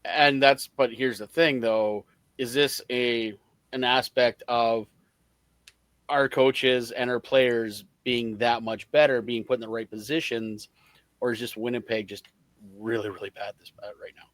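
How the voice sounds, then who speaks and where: A man co-hosting a podcast, chatting casually about football. He sounds animated and exasperated and laughs easily. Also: medium pitch, a little slow, no room sound. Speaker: podcast co-host. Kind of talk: casual sports chat.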